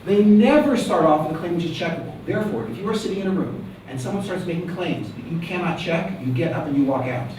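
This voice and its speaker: A man lecturing as a rabbi to students, animated and joking, firing rhetorical questions at the room. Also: on the high side, quick pace, hardly any pauses. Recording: very echoey room, mic at a distance, faint background hum.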